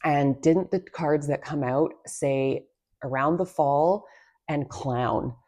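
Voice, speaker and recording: A woman's voice: low voice, slow. A woman tarot reader talking to her viewers from a table in her home, half-whispering and rambling with many fillers. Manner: hushed, half-whispered talk. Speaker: tarot reader and channel host. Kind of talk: casual spoken monologue to viewers.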